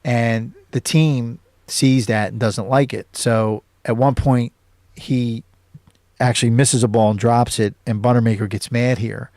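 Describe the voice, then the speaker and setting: A man's voice: mid-range voice, fairly even intonation, measured pace, a little mellow, no echo, clean studio sound. Rambling man recapping a film. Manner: rambling recap with many fillers and self-corrections. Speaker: host. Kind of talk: casual film commentary.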